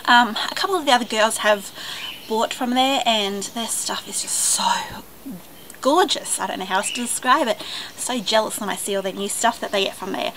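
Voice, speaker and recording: Bubbly, excitable Australian woman. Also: on the high side, fast. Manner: bubbly, gushing excitement, gasps and squeals. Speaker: vlogger. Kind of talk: casual unboxing vlog. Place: at home, partly outdoors by the driveway. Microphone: handheld camera. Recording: noisy home camera recording.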